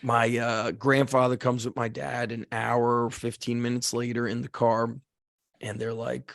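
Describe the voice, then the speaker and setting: Gravelly-voiced man telling a story. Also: mid-range voice, measured pace, no echo, studio quality. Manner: animated storyteller, acts out shouted quotes, frequent "like". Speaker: podcast host. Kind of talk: casual storytelling.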